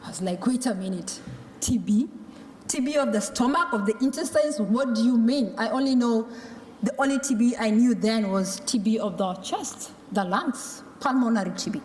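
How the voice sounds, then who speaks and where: A woman's voice: a little high, moderate pace, a little mellow. A woman from a Maasai community giving a personal testimony as a tuberculosis survivor, telling her story and acting out what the doctors and her mother said. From Kenya or Tanzania, Maasai community. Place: large conference hall. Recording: echoey large conference hall.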